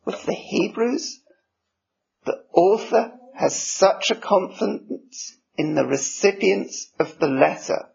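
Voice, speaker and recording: Aussie guy preaching, high-ish gravelly voice, takes his time, kinda muffled recording. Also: expressive, darkish tone. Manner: measured, slow reading of scripture. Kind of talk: sermon. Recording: dull lo-fi recording.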